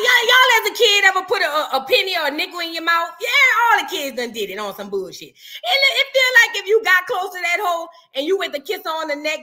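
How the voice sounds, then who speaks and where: A woman hosting a reaction video, teasing and animated, repeating lines for comic effect in casual commentary. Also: sits high.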